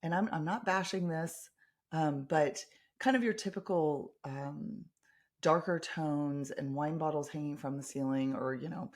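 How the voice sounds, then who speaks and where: Female podcast host, low-pitched, casual and enthusiastic storyteller. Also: unhurried, darkish tone. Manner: chatty, enthusiastic storytelling with frequent ums and restarts. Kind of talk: casual chat.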